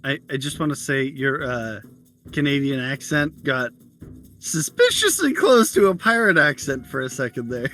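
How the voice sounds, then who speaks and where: Bright, lively teasing man. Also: mid-range voice, moderate pace, faint music behind. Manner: teasing, joking. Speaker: player. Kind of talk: casual chat at a tabletop game.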